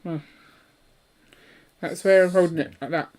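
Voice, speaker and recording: A woman's voice: on the low side, steady tone, unhurried, a little mellow. A woman hosting a live building stream, chatting casually and playfully while she works. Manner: chatty and playful, breaks into song.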